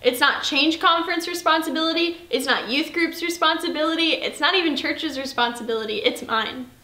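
A young woman leads a youth devotional in a high, bright voice, chatty and earnest as she talks straight to her listeners. The room around her is echoey. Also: a little fast. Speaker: youth leader.

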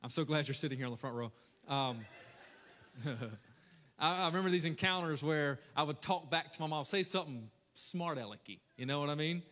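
A man preaching a lively, conversational sermon as a pastor, talking straight to his congregation. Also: on the high side, brisk. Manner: energetic, conversational preaching with audience call-outs. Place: large church hall. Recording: echoey church hall with long reverb.

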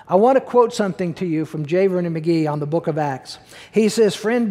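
A man's voice: high-pitched, dark tone, big-room sound. A man preaching a sermon as pastor, emphatic and conversational, repeating key words for effect.

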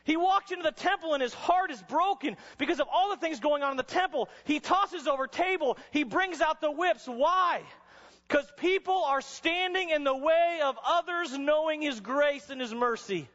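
A man's voice: very high-pitched, moderate pace. Dramatic preacher man in a reverberant hall. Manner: dramatic storytelling preacher, voice rising to shouts. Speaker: chapel speaker. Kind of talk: sermon. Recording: dull sound with long hall reverb.

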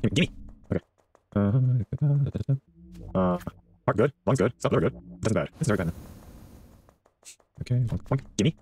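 A man's voice: fairly low pitch, breathy edge. A man giving casual let's-play commentary, joking, swearing freely and chatting to the game characters. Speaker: gaming streamer.

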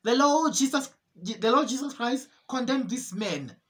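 A woman giving an emotional religious testimony, earnest and repetitive, often halting to restate her words. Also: on the high side, lively intonation, fairly bright tone. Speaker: testimony preacher.

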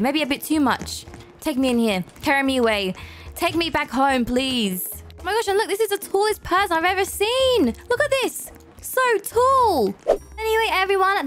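A young woman giving playful, excitable commentary while playing a hospital role-play game, chatting and exclaiming often. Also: sits high. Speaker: gaming YouTuber.

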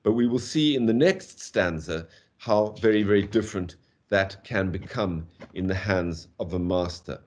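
A man with a South African accent giving an online university lecture on poetry, digressive and peppered with "okay?", reading verse slowly with stressed beats. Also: low voice, darkish tone. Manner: digressive, fond of "okay?" and "or whatever". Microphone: video call.

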